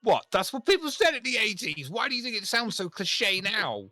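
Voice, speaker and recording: Animated, joking game master. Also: medium pitch, moderate pace, no room sound, faint music behind. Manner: casual, joking. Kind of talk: narrating a tabletop game.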